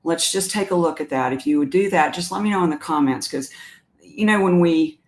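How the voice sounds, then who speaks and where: A woman's voice: low-pitched, brisk. A woman with a Southern US accent hosts a live stream in a chatty, meandering way, reading viewer comments aloud and talking them through. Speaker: animal communicator hosting a live stream. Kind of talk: casual live-stream talk.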